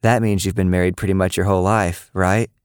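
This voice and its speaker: A man's voice: deep voice, fairly quick, smooth, no room sound, studio quality, natural voice. A man voicing a curious, playful young girl who teases her family and friends. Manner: teasing, lively.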